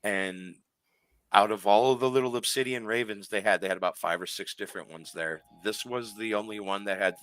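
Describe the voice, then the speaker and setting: A man's voice: on the low side, a little fast, a bit bright, no echo. A man talking as a radio show guest, telling a story animatedly with plenty of fillers and restarts.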